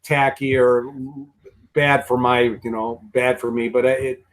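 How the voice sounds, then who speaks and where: A man's voice: medium pitch, little pitch movement, slow pace. A man, a guest actor, telling behind-the-scenes stories in a rambling, profane way full of restarts. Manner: rambling and profane, many restarts and repeated words. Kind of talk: casual commentary storytelling.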